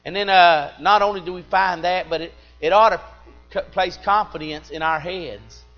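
A middle-aged man preaching a sermon, swinging between loud emphatic peaks and quiet confiding asides. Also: sits high, fairly even intonation, normal speed, dull audio, soft background music.

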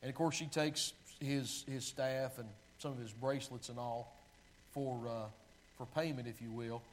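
A man's voice: medium pitch, steady tone, normal speed, a little hiss or hum, low-quality recording. A man preaching a sermon, reading long scripture passages aloud in a pleading voice and often stopping to correct himself while finding his place. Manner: reads scripture aloud with pleading, sinking delivery; restarts and self-corrections while finding verses.

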